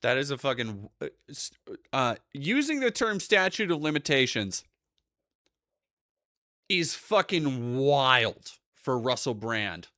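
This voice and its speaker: Animated, swearing young male streamer. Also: mid-range voice, slow pace, no echo, studio quality. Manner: profane, animated, rambling. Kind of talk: casual live-stream commentary.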